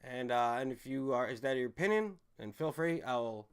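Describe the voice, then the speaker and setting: Guy rambling on his stream, cussing a lot, reading chat out, gets loud then mumbles low. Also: expressive, moderate pace, smooth. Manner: loose, rambling, profane, reads chat comments aloud; swings from loud emphatic bursts to low mumbles. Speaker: livestream host. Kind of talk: casual rambling livestream chat.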